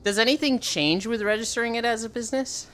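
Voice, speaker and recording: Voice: medium pitch, quick pace, fairly bright tone, soft background music. A young adult livestreamer in casual, rambling chat with viewers, swearing freely and answering chat as it comes. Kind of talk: casual live-stream chat.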